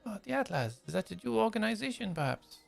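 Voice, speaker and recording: A man's voice: high-pitched, sing-song, quick pace, creaky, no echo, soft background music, heavily acted. A man voicing an effusive elderly father who runs a shop, gushing and chuckling. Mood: businesslike. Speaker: game master.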